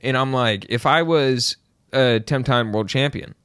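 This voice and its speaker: A man's voice: mid-range voice, unhurried, fairly bright tone, clean tone, no echo, clean studio sound. Rambling, profane podcast storyteller man. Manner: rambling, profane, acts out dialogue. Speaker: podcast co-host. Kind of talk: casual storytelling banter.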